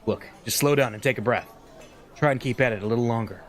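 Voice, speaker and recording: A man voicing a stressed, impatient male freelance reporter who loudly tells someone to calm down. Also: mid-range voice, fast, close to an everyday voice. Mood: exasperated. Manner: exasperated, loud, pushy.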